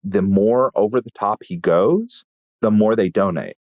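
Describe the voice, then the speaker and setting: A man from Texas, a chef telling stories in a casual interview with wry, deadpan humor and frequent restarts. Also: on the low side, a little slow, no echo, phone-quality sound. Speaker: chef and guest.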